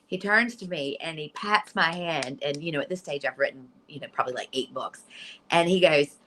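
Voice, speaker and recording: Low, bright-voiced woman telling a story. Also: moderate pace, a little hiss or hum, low-quality recording. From Virginia, USA. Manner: earnest, animated storyteller with frequent restarts. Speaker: interview guest. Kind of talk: personal storytelling in an interview.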